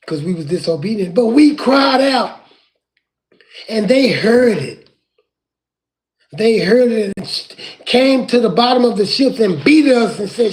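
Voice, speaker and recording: A man preaching from scripture in an impassioned way, rising at times to crying shouts. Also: high-pitched, expressive, unhurried, pauses often.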